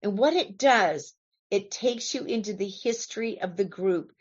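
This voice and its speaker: A woman's voice: mid-range voice, lively intonation, unhurried, breathy edge, highs cut off. A woman from California giving an earnest, conversational talk to a recovery meeting, asking her listeners questions as she goes.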